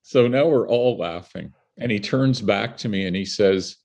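A man's voice: fairly low pitch, unhurried, vocal fry. An older man from Canada, a filmmaker, telling stories as a guest and acting out the people he quotes. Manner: animated storyteller who acts out the people he quotes. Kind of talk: storytelling in a conversational interview.

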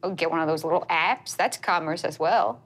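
A woman playing an excitable, self-deprecating divorced woman in a tabletop game. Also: sits low, normal speed, pitched below the performer's own voice. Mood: rambling. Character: rambling divorced woman, emotional and chatty.

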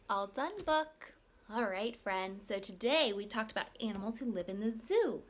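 A woman's voice: on the high side, animated, a little slow, sharp tone. A young woman reading a picture book to young children in an exaggerated sing-song voice, making animal sounds. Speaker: speech language pathologist.

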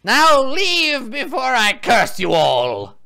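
Game figure: cackling witch mayor, high and melodramatic, voiced by a man. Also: huge pitch swings, slow pace, gravelly, pushed and bright, clean tone, full character voice. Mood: spooky. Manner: hammy, melodramatic. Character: cackling spooky witch mayor, female, theatrical.

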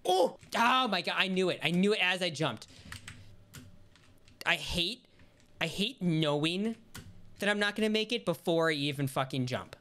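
Low-voiced woman swearing through a game. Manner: swears and yells when frustrated; talks to herself while playing. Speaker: gaming streamer. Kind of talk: casual gameplay commentary.

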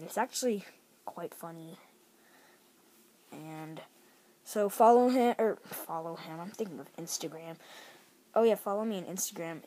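A woman's voice: fairly low pitch, warm tone, slight background noise. Rambling teen girl vlogging at home. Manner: rambling, chatty, lots of fillers and restarts. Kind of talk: casual vlog chat. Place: bedroom at home.

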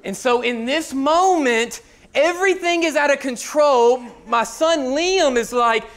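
A man in his thirties preaches a sermon. His voice sits high, and he tells a personal story with lively delivery, jumping between shouted lines and hushed asides. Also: a little slow. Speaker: pastor.

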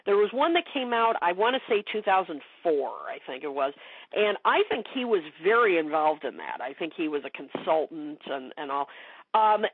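A woman's voice: lowish voice, sing-song, moderate pace, husky, dry recording. A woman speaking as a guest expert in a casual interview chat, talking with many fillers and restarts. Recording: dry phone-like call audio.

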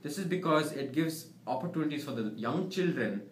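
A man's voice: fairly high pitch, expressive, fairly quick, natural voice. A young man playing an earnest job applicant who recites facts at length in an amateur comedy sketch. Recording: roomy, faint background noise.

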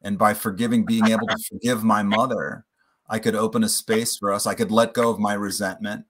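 Brief: man, interview guest, low pitch, bright tense edge, earnest storyteller. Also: little pitch movement, brisk. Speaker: podcast guest, playwright and author.

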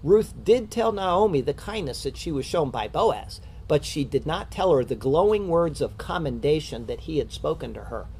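A man giving a verse-by-verse Bible study, explaining the text in a measured teaching manner with rhetorical questions. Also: fairly high pitch, sing-song, a little mellow, a little hiss or hum.

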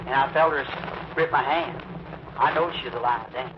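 A man preaching, telling a story with drawn-out, emphatic phrasing and acted quotes. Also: medium pitch. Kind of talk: sermon storytelling. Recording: muffled old recording, faint hiss.

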